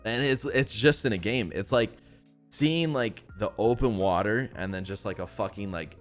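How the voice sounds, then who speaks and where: A young man with a low voice talking in slangy, swear-laden casual chat, tossing in quick reactions. Soft music hums faintly in the background.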